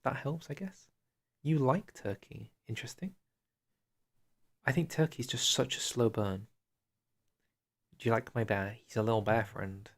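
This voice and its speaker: Young male streamer, gravelly edge, loose chatty commentary, a bit winded. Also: lowish voice. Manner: chatty, chats with viewers, trails off into quiet asides. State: out of breath. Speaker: streamer reviewing a strategy game dev diary. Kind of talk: casual live-stream commentary.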